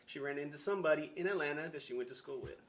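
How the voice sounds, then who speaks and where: Quick-talking man telling a story. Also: fairly high pitch, a bit bright, slight background noise. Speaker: guest's husband. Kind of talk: casual chat.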